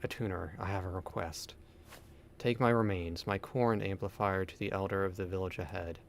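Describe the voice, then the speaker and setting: A man reading out a weary, dying guardian being in a video game, slow, solemn and subdued. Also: sits low, fairly even intonation, creaky, slight background noise. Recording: game music underneath. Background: game music.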